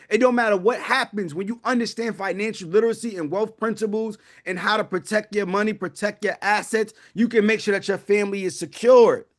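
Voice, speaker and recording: A man hosting a live online wealth class, fervent and preachy, calling out to his viewers. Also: sits high. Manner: fervent, preachy, calls out to the audience. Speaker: wealth-building webinar host. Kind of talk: live online sales pitch.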